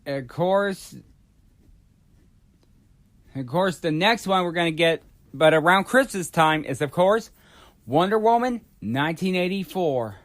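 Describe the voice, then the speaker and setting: A man vlogging a casual, rambling rant about movies, halting often with fillers and restarts. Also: high-pitched, lively intonation. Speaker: YouTube vlogger.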